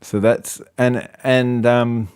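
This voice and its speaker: A man's voice: mid-range voice, level tone, takes it slowly, darkish tone, clear, resonant tone, no echo, clean studio sound. A man co-hosting a casual podcast chat, rambling with lots of fillers and frequent laughs. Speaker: podcast co-host.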